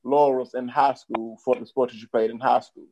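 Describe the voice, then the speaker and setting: A man co-hosting an interview in a casual way, asking loose, relaxed questions. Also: medium pitch, normal speed. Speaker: co-host.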